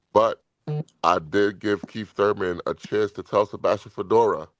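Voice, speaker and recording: A man hosting a boxing podcast in casual chat, blunt and profane, talking in quick bursts. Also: fairly low pitch, vocal fry, no echo.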